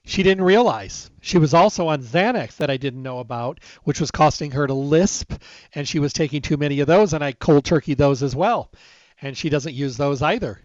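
A middle-aged man with a somewhat high voice talks straight into a close mic, casual and emphatic, slipping into the back-and-forth of remembered conversations. The sound is bone-dry and a little dull, like a lo-fi recording. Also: normal speed, no echo. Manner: emphatic, conversational, acts out quoted dialogue. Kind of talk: casual storytelling monologue.

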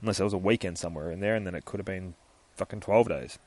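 A man's voice: deep voice, fast talker, no echo. A man retelling a comic story in casual, profanity-heavy speech, acting out the scenes. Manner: swears constantly, animated retelling with voices.

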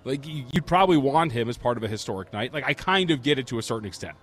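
Lively, opinionated sports talk man. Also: medium pitch, fast talker. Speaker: sports talk show co-host. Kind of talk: casual sports radio chat.

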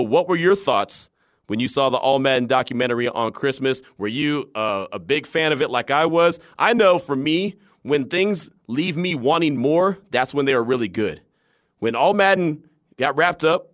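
A man hosting a sports talk radio show, chatting with animated energy and laughing easily. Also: on the high side, dry recording, studio quality.

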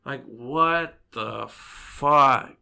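A man's voice: medium pitch, extremely slow, vocal fry, sharp tone, clear, resonant tone. A man co-hosting a podcast, talking in blunt, dismissive, teasing casual chat.

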